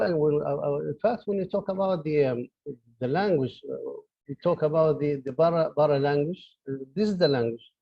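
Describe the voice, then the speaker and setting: A man's voice: medium pitch, vocal fry, dry recording. Man, online lecture, hesitant with fillers, dry lo-fi recording. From Libya. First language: Arabic. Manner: hesitant, many fillers and restarts. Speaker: professor lecturing. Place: his office.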